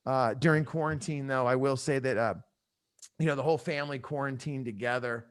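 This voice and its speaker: A middle-aged man doing a stand-up comedy set over a video call from his home, telling animated stories and acting out the voices of his family. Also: medium pitch, brisk, clean tone. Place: home room in San Diego. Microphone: headphone mic on a video call. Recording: video call with loud audience laughter.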